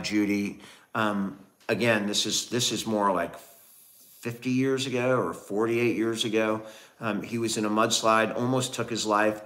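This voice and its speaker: A man's voice: on the low side, sharp tone. A middle-aged man co-hosting a casual livestream, telling a family story and thanking viewers. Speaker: livestream co-host.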